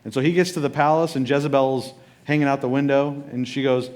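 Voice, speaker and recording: A male pastor preaching, telling the story in a loose and humorous way, slipping in acted-out quotes along the way. His pitch sits at a middling male level, and his tone is easygoing and conversational. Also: flat delivery, a little fast, a little mellow. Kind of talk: sermon.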